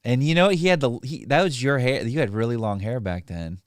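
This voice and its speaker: A man's voice: mid-range voice, a little fast, dry recording, studio quality. A man hosting a live stream, chatting in an easygoing way and laughing often. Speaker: livestream host. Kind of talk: casual live-stream chat.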